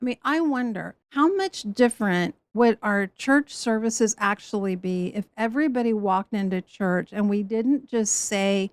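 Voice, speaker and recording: A woman teaching the Bible in an animated storytelling way, acting out the people she quotes. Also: mid-range voice, a little slow, hardly any pauses, clean tone, no echo.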